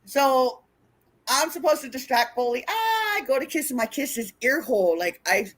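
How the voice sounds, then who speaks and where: Woman, bright tone, animated, profane, storytelling, casual interview. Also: sits high, moderate pace, breathy edge. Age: older. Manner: animated and profane, acting out scenes. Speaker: wrestling interview guest.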